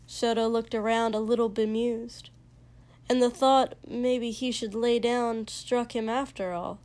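Narrator: woman reading a story, measured, slow delivery, voice on the higher side. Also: steady tone, a little mellow. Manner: unhurried, measured. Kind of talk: reading fiction aloud.

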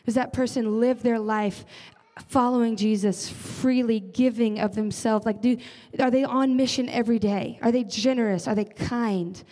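Young woman giving a sermon, earnest and chatty, lots of "like", kinda high but mellow voice, big echoey hall. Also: steady tone, moderate pace. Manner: earnest, conversational, frequent "like" fillers. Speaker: church leader. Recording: long reverb of a large hall.

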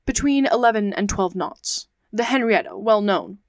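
A woman's voice: medium pitch, normal speed, dry recording, clean studio sound, close to an everyday voice. A woman reading the part of a blunt middle-aged male sea captain in an audiobook, with short, clipped refusals. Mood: curt.

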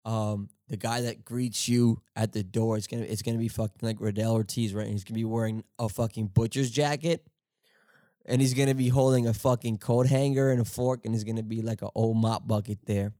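A man's voice: on the low side, fairly even intonation, mellow, no echo. Rambling, profane young man on a dry mic. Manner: profane, rambling, halting, laughs often. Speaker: podcast host. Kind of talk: casual rambling monologue.

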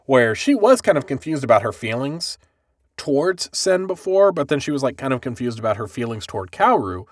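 A man's voice: medium pitch, big pitch swings, a little fast, no room sound, clean studio sound. A man hosting a podcast, recapping an anime in casual, profane chat and acting out the characters' lines. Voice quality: bald-headed joker, swears freely. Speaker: podcast host.

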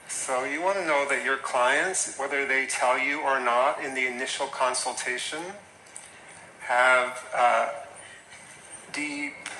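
A man gives a loose, conversational lecture on health coaching, full of asides and questions to the room. His voice is very bright and forward. The room sounds echoey, with a faint hum of ambience behind him. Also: mid-range voice. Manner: conversational, chatty with asides and mimicked quotes. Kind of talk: casual lecture to a class.

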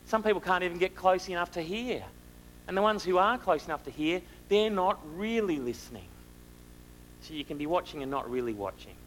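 A man preaching a sermon, asking the listeners rhetorical questions and moving between loud and hushed delivery. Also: high voice, animated, brisk, a little hiss or hum, low-quality recording.

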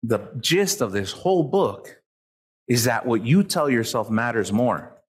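A man giving a live motivational talk to an audience, animated and profane, acting out the people he quotes. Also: mid-range voice, a little slow, slightly rough. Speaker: motivational speaker.

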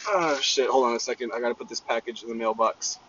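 A man's voice: mid-range voice, fast, sharp tone, a little hiss or hum. Man, solo podcast host, profane, brash, rambling, muffled lo-fi sound. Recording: dull lo-fi recording.

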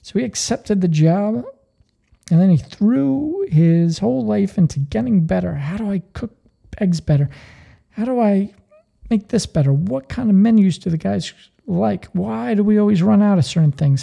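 Male podcast host, earnest motivational talk, dark gravelly voice. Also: high voice, normal speed. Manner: earnest, energetic storytelling.

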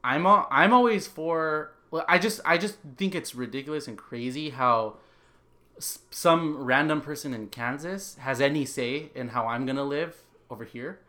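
A man co-hosting a podcast, talking in a relaxed way and often agreeing. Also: a little high, moderate pace. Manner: relaxed, frequent agreeing fillers. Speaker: podcast co-host. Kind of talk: casual political chat.

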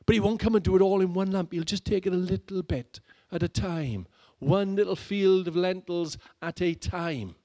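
A middle-aged man preaching a sermon, dramatic and shifting between loud urging and hushed low lines. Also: moderate pace, few pauses. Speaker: pastor.

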